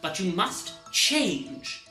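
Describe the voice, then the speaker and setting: A woman's voice: on the low side, big pitch swings, extremely slow, sharp tone. A woman telling an interactive children's story in a playful, theatrical way, often addressing the listener directly. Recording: roomy echo with music behind.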